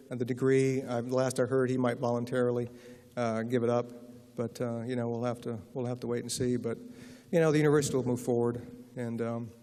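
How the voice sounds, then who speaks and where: A man's voice: medium pitch, warm tone. A man giving a lecture as an author, telling wry anecdotes to an audience and answering questions. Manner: wry, anecdotal, acts out quoted voices. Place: large lecture hall. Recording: reverberant hall.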